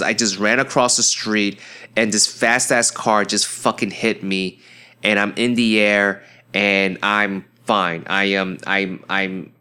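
A young podcast host tells a story in a casual monologue, rambling, profane, and excitable, full of fillers and restarts. His voice is smooth, and he jumps into high yelps when acting out his friends.

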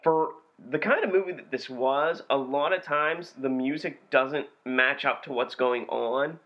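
A young man co-hosting a podcast, chatting casually with an animated, profane delivery. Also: medium pitch, unhurried. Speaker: podcast co-host reviewing B movies. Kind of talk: casual chat. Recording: dull lo-fi podcast recording.

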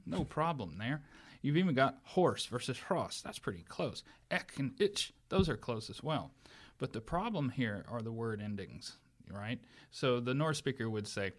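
Male academic guest, eager lecturer, restarts a lot, mid-pitched. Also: lively intonation, normal speed. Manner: enthusiastic lecturing with many restarts. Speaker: guest expert on English language history. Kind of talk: explanatory academic talk.

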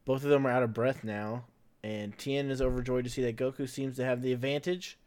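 A man hosting a casual podcast recap, his voice sitting at an everyday middle pitch. He talks chattily, laughs a lot and fills in with "like" and "uh". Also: fairly even intonation, a little fast, a little mellow. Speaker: podcast host recapping an anime episode.

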